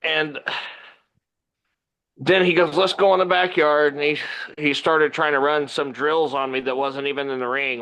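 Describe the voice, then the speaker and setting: A man telling a long story as a podcast guest, animated, loudly acting out what others said. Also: fairly high pitch, smooth, poor audio. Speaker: guest wrestler.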